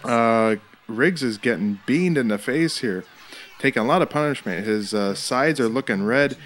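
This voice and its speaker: A man's voice: medium pitch, normal speed, a bit bright. A man in his thirties, the show host, giving casual, joking fight commentary with lots of swearing and laughter. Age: 30s. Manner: joking, profane, laughs often.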